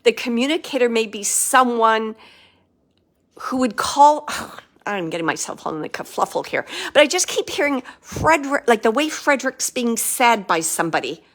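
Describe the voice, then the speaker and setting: Woman medium, spirit reading, higher voice, halting, emotional, lots of ums. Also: big pitch swings, fairly bright tone. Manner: emotional, halting, many fillers and restarts. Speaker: psychic medium.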